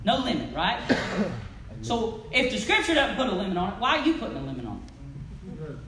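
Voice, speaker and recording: A woman preaching a sermon in a church, swinging from loud calls to near-whispers. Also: medium pitch, sing-song, normal speed, a crowd in the background. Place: church sanctuary. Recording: echoey church with faint noise.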